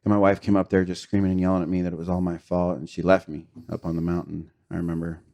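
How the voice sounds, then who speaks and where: Low-voiced middle-aged man, podcast guest, candid and confessional testimony with fillers. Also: monotone, quick pace, vocal fry, warm tone. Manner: earnest, confessional, with frequent fillers and short laughs.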